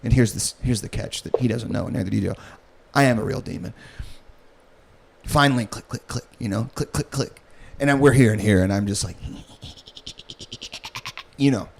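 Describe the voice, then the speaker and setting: A man in an improvised comedy bit, sliding into a low, creepy murmur as he spins a menacing monologue. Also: normal speed, vocal fry, long pauses. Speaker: podcast co-host.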